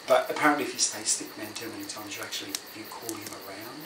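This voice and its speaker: A man telling a spooky story in a casual way, swinging from loud exclamations to hushed whispers. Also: on the low side, a little fast. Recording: echoey room, mic far off, noisy.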